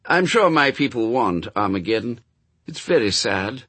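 Audiobook angel: prim, fretful male, performed by a male narrator, lifted pitch, dry close sound. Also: sing-song, moderate pace, pushed and bright, slightly rough, no room sound, heavily acted. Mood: resigned.

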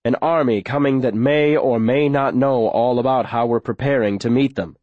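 A man voicing a stern middle-aged town leader who speaks in a measured, grave way. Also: mid-range voice, fairly even intonation, no room sound, narrow, tinny audio, close to an everyday voice.

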